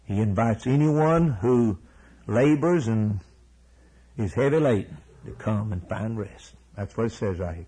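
A man's voice: mid-range voice, very animated, a little slow, slightly rough, poor audio. A man preaching a sermon, emphatic and repeating key words, then closing in a prayer.

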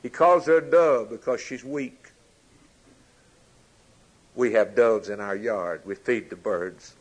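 A man delivering a sermon at an unhurried pace, his pitch sitting in the middle range. He builds phrases through repetition, rising to loud declarations before dropping to near-whispers. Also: slightly rough. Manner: slow, rhythmic preaching with repeated lines, rising and falling from loud to hushed. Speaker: preacher.

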